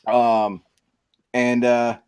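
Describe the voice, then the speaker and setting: A man hosting a casual podcast, talking about his book in a rambling, profane, excitable way. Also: medium pitch, extremely slow, clean tone. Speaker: podcast host and author. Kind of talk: casual chat.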